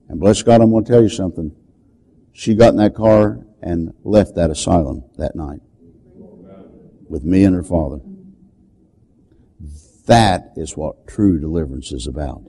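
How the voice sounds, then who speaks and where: Dramatic older preacher with a deep voice. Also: male voice, a little slow, pauses often, breathy edge, poor audio. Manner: dramatic, shouts quoted commands, repeats words. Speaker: deliverance preacher. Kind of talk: storytelling sermon.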